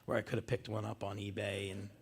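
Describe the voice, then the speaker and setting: A man's voice: lowish voice, monotone, fast, vocal fry, slightly rough. A man co-hosting a podcast in casual chat, joking around and talking with lots of filler words and nerdy enthusiasm. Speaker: podcast co-host.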